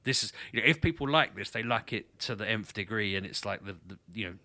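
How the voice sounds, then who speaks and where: A man's voice: lowish voice, lively intonation, fast, pushed and bright, dry recording. A man co-hosting a games podcast, telling rambling self-mocking stories in casual chat. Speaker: podcast co-host.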